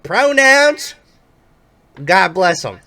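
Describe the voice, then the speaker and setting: A man's voice: sits high, big pitch swings, drawn-out words, vocal fry, pushed and bright, voice pushed up, heavily acted. A man putting on a drawling Southern ally. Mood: folksy. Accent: thick American Southern. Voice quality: folksy, effusive drawl. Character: kind-hearted Southern man, gushing liberal ally.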